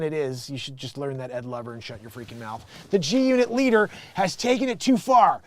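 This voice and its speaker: High-voiced man riffing comedy news. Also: no echo. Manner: riffing, jumps into loud impressions. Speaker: show host.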